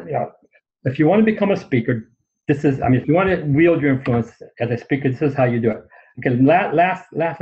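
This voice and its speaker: Man, blunt, self-deprecating presenter. Lo-fi webinar audio. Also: mid-range voice. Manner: blunt, joking, halting restarts. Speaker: guest speaker.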